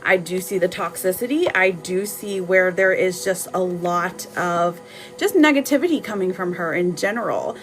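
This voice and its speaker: A woman giving casual tarot readings on a live stream, chatting warmly with viewers and laughing often. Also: on the low side, moderate pace, faint music behind, low-quality recording.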